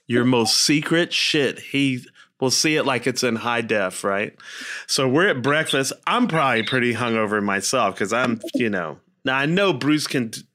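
A man's voice: mid-range voice, animated, moderate pace, sharp tone. A man co-hosting a casual talk, telling a story and acting out the quotes with big jumps in his voice.

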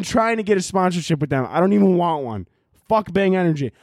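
A young man hosting a solo podcast at home, talking in a loud, profane, animated rant and shouting at times, recorded on laptop audio. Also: high voice, fairly quick, dry recording, studio quality. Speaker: podcast host.

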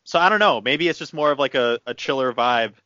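Bright-voiced man telling stories. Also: medium pitch, a little fast, no room sound, muffled recording. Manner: animated storyteller who acts out quotes. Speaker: guest. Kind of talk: casual podcast chat. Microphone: remote mic, muting for phone.

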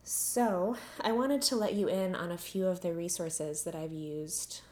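A young adult woman with a slightly low voice hosts her podcast, talking candidly and earnestly. She sounds a little out of breath as she shares, keeping an easy conversational tone. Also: unhurried, a little mellow. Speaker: podcast host. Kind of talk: personal reflective talk.

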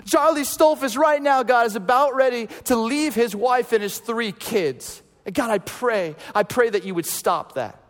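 A man acting out a fervent man praying loudly over someone, in an impassioned, shouting voice. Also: extremely high pitch, normal speed, hardly any pauses, long reverb tail, voice pushed up.

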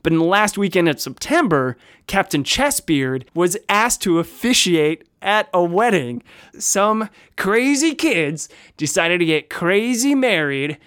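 A man's voice: sits high, unhurried, clean tone, no echo, studio quality. Playful man co-hosting a podcast. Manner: playful, jokey, animated asides. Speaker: podcast co-host. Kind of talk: casual podcast chat.

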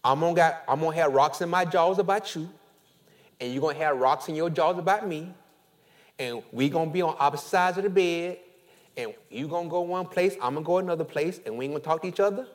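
A man preaching a sermon as pastor, animated, with call-and-response and casual storytelling asides. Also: a little high, quick pace.

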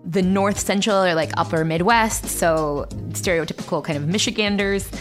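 A woman from Central Ohio with a Midland accent explains things as a guest in an interview. Her voice sits a little low, and her tone is casual and explanatory. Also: moderate pace, soft background music. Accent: Midland American. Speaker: linguistics professor guest.

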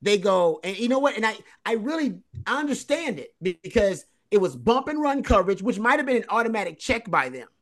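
A man's voice: high voice, sing-song, fairly quick, few pauses. A man co-hosting a sports podcast, analyzing a football game in casual talk and stressing points by repeating phrases. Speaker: co-host.

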